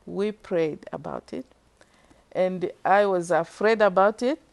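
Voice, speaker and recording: A middle-aged woman giving an earnest, emotional faith testimony in an interview, speaking slowly from the heart. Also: fairly low pitch, gravelly. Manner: earnest, slow and heartfelt, moved to tears at times. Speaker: church member giving a testimony.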